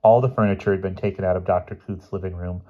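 Deep, husky male audiobook narrator. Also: fast talker, dull audio. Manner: steady storytelling with occasional slips and restarts. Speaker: audiobook reader.

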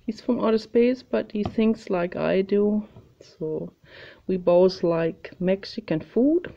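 Meandering woman host, slow and mellow, muffled home recording. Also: medium pitch, vocal fry. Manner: meandering, chatty, thinks aloud. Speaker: video host showing her art. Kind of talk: casual rambling home video. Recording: slightly muffled, faint hiss.

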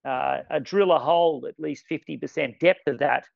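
A man running a casual product training demo, talking with enthusiasm and quick exclamations. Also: fairly high pitch, gravelly, dry recording. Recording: dull lo-fi sound.

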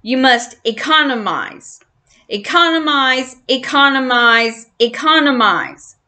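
Storybook figure: a woman playing a shrieking old grandfather mouse, bossy and loud, bright voice. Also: sits high, takes it slowly, heavily acted. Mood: bossy shouting. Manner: shouting, bellowing orders.

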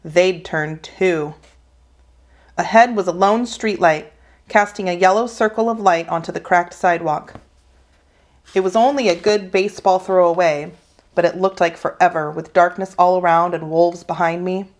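A woman's voice: fairly low pitch, fairly even intonation, normal speed. Woman reading a children's novel aloud. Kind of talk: children's book read-aloud.

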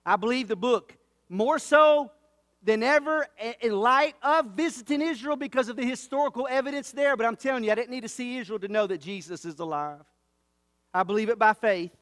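A man's voice: very high voice, fairly bright tone, no room sound, clean studio sound, in a large hall. A male pastor preaching a sermon in a church, fervent and emphatic, repeating his key points. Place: church sanctuary.

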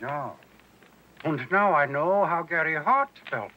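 A man's voice: fairly high pitch, lively intonation, takes it slowly, dull audio, slight background noise. An actor playing a sly old male ex-Nazi professor who speaks with a German accent. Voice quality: accented, mocking.

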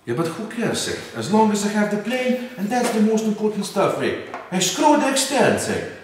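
A fairly high-voiced man with a Slovenian accent chats excitedly about model planes, his pitch leaping up and down as he repeats himself. He sits back from the mic in a bouncy, echoing workshop with a faint hiss behind him. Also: moderate pace, recorded from a distance. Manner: excitable, animated, repeats words, non-native phrasing. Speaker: RC hobby channel host. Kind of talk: casual unboxing chat. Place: indoor workshop. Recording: echoey room, off-mic, faint noise.

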